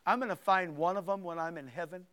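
Preacher, male: high and crisp, emphatic sermon delivery, dry close sound. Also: fast talker, dry recording. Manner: emphatic, swings from loud to hushed. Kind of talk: sermon reading scripture aloud.

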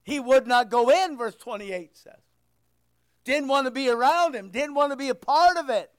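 A man's voice: very high voice, moderate pace. A man preaching a sermon, talking to his congregation in an emphatic, conversational way full of rhetorical questions. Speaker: pastor.

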